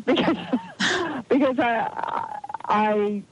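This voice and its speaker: A woman guest telling a lively personal story in an interview, acting out the voices of the people in it and laughing now and then. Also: mid-range voice, unhurried, muffled recording, slight background noise. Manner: animated anecdotal storytelling, quotes voices, laughs easily. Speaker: guest, healer.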